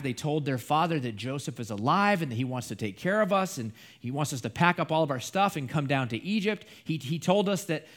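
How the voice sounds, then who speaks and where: A man preaching a sermon, retelling a scripture story in a lively storytelling way. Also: a little high. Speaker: pastor.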